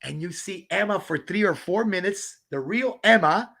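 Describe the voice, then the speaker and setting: A man's voice: sits high, expressive, normal speed, vocal fry, sharp tone. A man hosting a livestream outdoors, ranting and mocking a rival with profane jokes and laughter. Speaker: livestream host. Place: outdoors on a walk in the rain.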